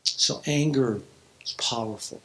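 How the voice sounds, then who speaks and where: A middle-aged man preaching a sermon to a youth group in a church hall, telling stories with restarts and sudden drops to a hushed voice. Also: medium pitch, a little slow. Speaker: pastor. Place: church hall, in front of students.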